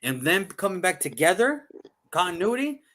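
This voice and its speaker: A man co-hosting a casual sports show, animated and joking, swearing freely. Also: high voice, moderate pace. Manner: animated, mock voices for effect, swears.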